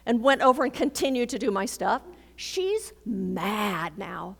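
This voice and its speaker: Animated woman preaching in a reverberant hall. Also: fairly high pitch, normal speed, gravelly, few pauses. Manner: storytelling, animated, acts out dialogue. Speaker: minister. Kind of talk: sermon.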